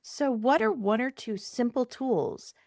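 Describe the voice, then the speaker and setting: A woman's voice: fairly high pitch, lively intonation, unhurried, creaky, darkish tone, no echo, clean studio sound. A woman podcast host interviewing a guest, asking questions and affirming her answers. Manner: affirming, frequent agreement. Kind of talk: interview hosting.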